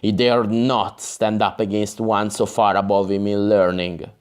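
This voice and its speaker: A man reading an audiobook, voicing a gruff, bitter male berserker warrior with a low, growling delivery. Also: little pitch movement, measured pace, close to an everyday voice. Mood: grim, growling.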